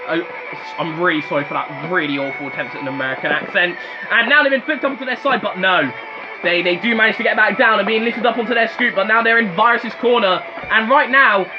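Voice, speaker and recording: A man calls a robot fighting match in a high, bright register, excitable and quick to exclaim. The audio is dull and lo-fi, with music running under his voice. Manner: excitable, rising to exclamations at big hits. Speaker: tournament commentator. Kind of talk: play-by-play commentary.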